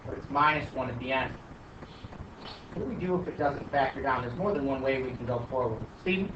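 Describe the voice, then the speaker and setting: A male math teacher questioning and coaxing his students through a problem in class. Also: mid-range voice. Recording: echoey classroom from far off, dull, light noise.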